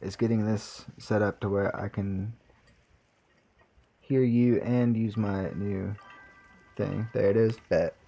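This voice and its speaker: A man's voice: on the low side, steady tone, slow pace, gravelly, long pauses, warm tone, faint music behind. A young man chatting casually on a live stream, swearing now and then as he sets up his audio.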